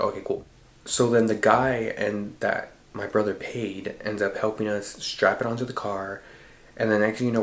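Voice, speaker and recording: A podcast host with a fairly low voice tells a dream story in a casual monologue, swearing freely. He animatedly acts out the lines of the people in it, quoting their voices. The recording is reverberant.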